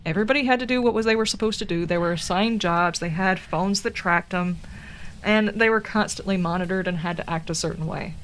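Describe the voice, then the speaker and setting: A woman's voice: mid-range voice, a little fast, slight background noise. A woman with a Southern American accent, chatting casually and rambling through tangents while streaming a game. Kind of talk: casual chat while gaming.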